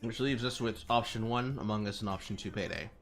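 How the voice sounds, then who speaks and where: A man streaming, telling stories in casual chat, animated and swearing freely. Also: fairly low pitch, a little fast, over music. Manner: animated storytelling with mimicked voices.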